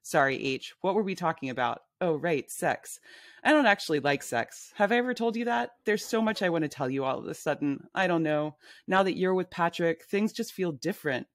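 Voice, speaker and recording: A woman's voice: fairly low pitch, lively intonation, brisk, dry recording, studio quality, close to an everyday voice. A woman reading her memoir aloud, voicing a brash, blunt woman friend who bosses people around at a bar. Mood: chatty. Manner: pushy, blunt, bossy.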